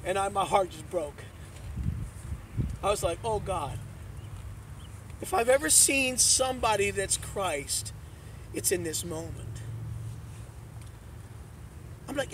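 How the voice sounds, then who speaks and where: A man preaching a sermon as a youth pastor, telling a story in an animated, emphatic storytelling style. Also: high voice, takes it slowly, pauses often, distant mic, noisy background. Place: youth event.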